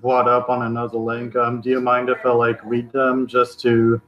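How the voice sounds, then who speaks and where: A man talking haltingly in a casual chat with friends, with many fillers and restarts. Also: mid-range voice, monotone, a crowd in the background. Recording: roomy, dull lo-fi sound.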